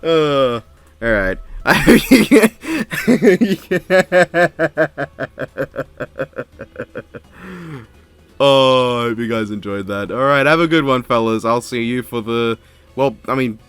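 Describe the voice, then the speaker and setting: A man's voice: medium pitch, steady tone, normal speed, a bit bright, clear, resonant tone. A young man rambling casually into a desk microphone as a video reviewer, self-deprecating and swearing. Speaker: video reviewer reading fan comments. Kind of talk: casual chat.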